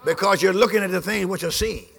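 High-voiced, gravelly shouting preacher man. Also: fast talker. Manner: exuberant, shouting, laughing between lines, leads crowd chants. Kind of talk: lively sermon with call-and-response. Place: live church service before a congregation, also streamed.

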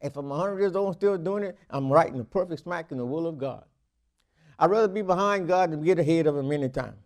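A middle-aged man, a minister teaching a class, preaching in a repetitive call-and-response way with frequent amens and stammered restarts. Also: fast. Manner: swings between loud emphatic bursts and low quiet asides. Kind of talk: sermon-style teaching.

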